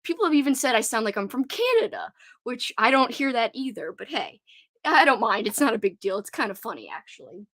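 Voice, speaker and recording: Young woman, Cajun accent, giggly rambling livestream host, slightly high voice, dry close sound. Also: sing-song, a little fast, fairly bright tone, dry recording. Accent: Cajun Louisiana. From Louisiana. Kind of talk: casual livestream chat.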